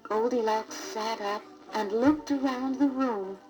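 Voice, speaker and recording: A woman narrating a children's storybook record in a deliberate, expressive read-aloud manner. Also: a little high, over music, poor audio.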